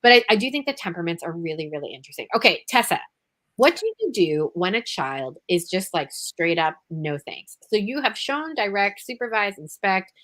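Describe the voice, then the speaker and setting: A woman hosting a casual podcast interview, animated and exclaiming, often acting out quotes. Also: medium pitch, moderate pace. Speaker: podcast host.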